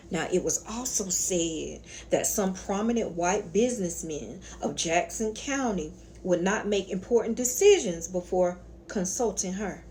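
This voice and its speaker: A woman's voice: mid-range voice, expressive, unhurried, few pauses, mellow, a little hiss or hum. A woman with a Southern accent hosting her own spiritual channel, telling a story in a sassy, colloquial way and calling her viewers honey and y'all. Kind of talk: casual storytelling lecture.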